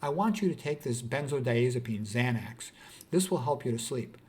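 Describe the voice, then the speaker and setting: A calm, authoritative psychiatrist father, spoken by a man in his own voice, measured and instructive. He lays out each instruction evenly. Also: medium pitch, lightly acted.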